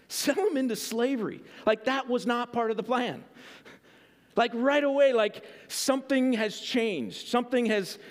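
High-voiced pastor, chatty sermon. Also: male voice, measured pace. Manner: conversational, filler-heavy, keeps asking "right?".

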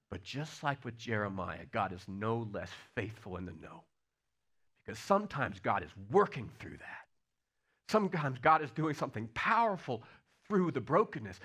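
A man preaching a sermon, telling stories with swings between loud bursts and hushed lines. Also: medium pitch, very animated, normal speed, husky. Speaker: pastor.

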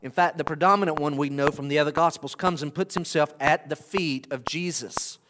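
A man preaching an expository sermon as a pastor, reading scripture with animated emphasis. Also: on the high side, brisk. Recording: echoey hall with clear background noise.

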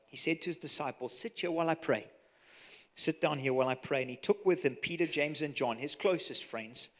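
A man with a Zimbabwean accent preaching a sermon, earnest and storytelling, sometimes dropping to a soft hush for emphasis. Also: mid-range voice. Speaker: pastor.

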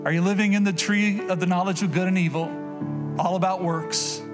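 A middle-aged man preaches in a loose, folksy way, circling back on his phrases and slipping into quoted voices. His voice sits a touch high for a man. Clear music plays behind him throughout the church recording. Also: fairly even intonation, fairly quick. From Oklahoma. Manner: folksy, conversational preaching with repetitions and acted-out quotes. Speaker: pastor. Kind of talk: sermon.

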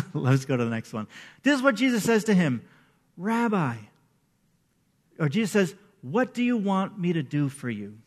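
A male pastor preaching a sermon in a conversational, animated way, acting out the people he quotes. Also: sits high, moderate pace, long pauses.

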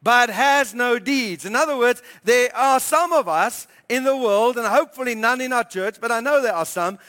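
A man preaching as pastor, emphatic and repeating key phrases, slowing down to stress scripture. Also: extremely high pitch, sharp tone, long reverb tail. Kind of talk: sermon. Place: church hall.

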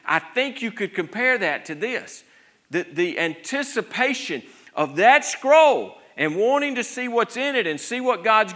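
A man's voice: fairly high pitch, bright, forceful tone. A man preaching a sermon with an earnest delivery, often repeating and restarting his words.

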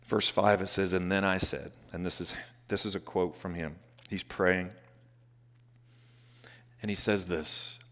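Preacher in a reverberant hall. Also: male voice, low-pitched, steady tone, measured pace, long pauses. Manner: swings from soft hushed lines to loud emphatic rises, repeats phrases. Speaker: pastor. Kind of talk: sermon. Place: church hall. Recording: long reverb of a large hall.

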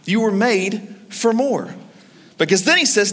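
Male pastor, high voice, bright and forceful tone, energetic sermon, long hall reverb. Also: measured pace. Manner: energetic, urging the congregation to respond. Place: large church hall.

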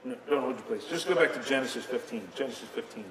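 A man preaching a sermon, retelling scenes dramatically, with sudden swings between loud and soft. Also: mid-range voice, quick pace, a little hiss or hum. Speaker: pastor. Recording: echoey hall from a distance, faint ambience.

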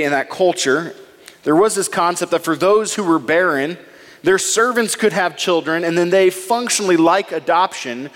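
A male pastor delivering a sermon, retelling a scripture story and reading verses aloud with dramatic pauses. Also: fairly high pitch, fairly bright tone, in a large hall.

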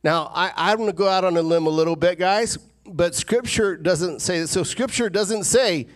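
A man preaching a sermon as the pastor, animated and rising to emphatic peaks. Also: high-pitched, normal speed.

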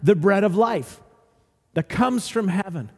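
Man doing an earnest male teacher, higher voice, long hall reverb. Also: lively intonation, unhurried. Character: calm, earnest male teacher speaking to a crowd.

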